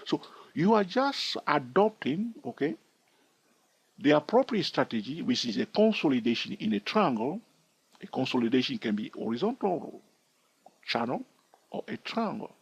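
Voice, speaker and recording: Husky man teaching with lively pitch. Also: moderate pace, pauses often, dry recording, highs cut off. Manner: explanatory, keeps checking in with "all right?". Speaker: trading educator. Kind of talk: chart-walkthrough teaching.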